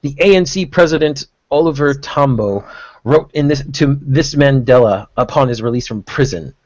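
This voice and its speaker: A man's voice: mid-range voice, moderate pace, darkish tone, dry recording, lo-fi sound. A man reading an article aloud on a podcast, breaking off for sarcastic comments. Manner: sarcastic, stops to comment and laugh. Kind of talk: reading aloud with mocking asides.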